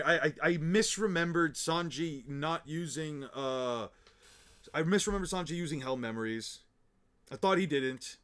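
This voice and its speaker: A young man reading manga aloud on a livestream and talking to his chat, rambling and swearing, stammering over repeated words and getting loud and excited when he rants. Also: on the high side, normal speed.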